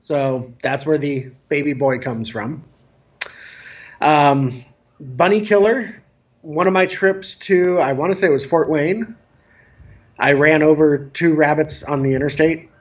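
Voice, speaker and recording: A man's voice: fairly high pitch, fairly even intonation, measured pace, dull audio. A middle-aged man, a DJ and choreographer, telling easygoing stories in a casual chat and raising his voice for a child's lines. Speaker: guest, event DJ and choreographer. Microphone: remote call.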